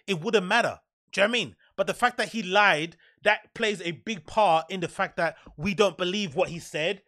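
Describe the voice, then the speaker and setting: A man's voice: sits high, sharp tone, no room sound. A man hosting a podcast, reading a news article aloud and riffing on it with sarcastic, indignant commentary. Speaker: podcast host. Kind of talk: casual opinionated commentary.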